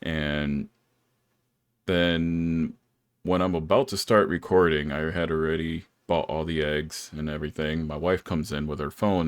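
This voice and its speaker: A man's voice: very deep voice, clear, resonant tone, dry recording. A young man hosting a podcast, telling stories in a laid-back way and laughing often. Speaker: podcast host. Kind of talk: casual chat.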